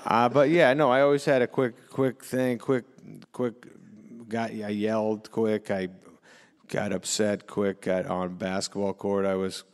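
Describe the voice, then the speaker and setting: A middle-aged man chats loosely as an interview guest, laughing a lot and repeating himself as he goes. His voice is low and gravelly. A long hall reverb trails behind him. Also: fairly even intonation. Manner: laid-back, laughs often, repeats words, slips into quick impressions. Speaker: actor and comedian guest. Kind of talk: casual interview chat.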